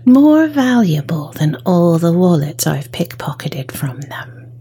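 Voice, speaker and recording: A woman's voice: lowish voice, sing-song, slow pace, warm tone, slightly rough, exaggerated voice. Woman putting on a muttering, scornful male thief. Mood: scornful scheming. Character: scheming petty male village thief.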